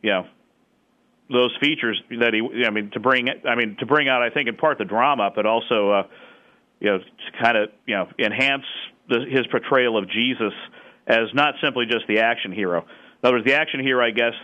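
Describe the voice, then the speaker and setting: A man's voice: medium pitch, a little fast, lo-fi sound. A man in conversation, explaining scripture in a thoughtful way and often stopping to restart with fillers. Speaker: Bible scholar guest.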